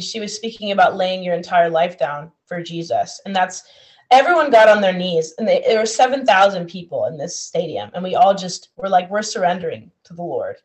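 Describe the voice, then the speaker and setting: Earnest woman co-host sharing faith. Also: medium pitch. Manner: earnest, relaxed, reads scripture aloud. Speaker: podcast co-host. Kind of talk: casual faith chat.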